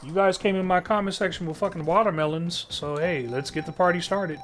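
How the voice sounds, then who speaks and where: A man's voice: sits high, steady tone, brisk, fairly bright tone, faint music behind. A man streaming live, ranting to his chat in a rambling, sardonic way, swearing constantly and restarting his sentences. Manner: rambling, heavy cursing, sardonic.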